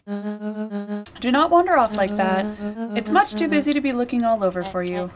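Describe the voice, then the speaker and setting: A woman's voice: mid-range voice, animated, moderate pace, over music, close to an everyday voice. A woman voicing a stern, wealthy old grandmother who scolds in a haughty, clipped way. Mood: haughty scolding.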